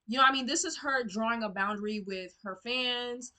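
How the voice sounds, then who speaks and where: A woman's voice: on the high side, animated, a little fast, hardly any pauses, pushed and bright. A young woman giving a tarot reading to camera in casual, blunt, outspoken talk. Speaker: tarot reader.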